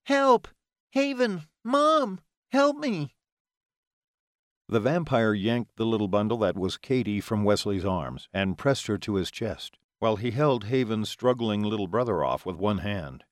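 A man with a fairly low voice reads a story aloud with lots of rise and fall. His delivery is dramatic and expressive. The recording is dry and close, with no room sound. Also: normal speed, hardly any pauses, no room sound. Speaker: audiobook narrator. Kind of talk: scripted narration.

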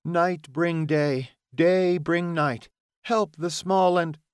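Desperate witch mother, high and strained, chanting, voiced by a man in a dry, close booth. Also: fairly even intonation, slow pace, clean tone, dry recording.

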